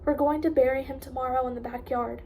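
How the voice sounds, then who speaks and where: A woman putting on a sorrowful father from an audiobook, speaking softly and gently to his daughter. The voice stays fairly high and hushed. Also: fairly even intonation, fast talker, distant mic, slight background noise. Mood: gentle. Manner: soft, gentle.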